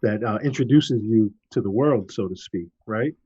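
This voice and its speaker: A man and podcast host telling a story in casual chat, relaxed and animated when quoting people. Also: on the low side, normal speed, slightly rough, muffled recording.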